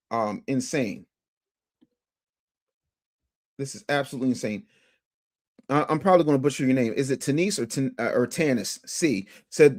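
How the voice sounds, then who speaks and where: High-voiced energetic livestream host man. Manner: energetic, reads super chats aloud. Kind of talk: live-stream commentary.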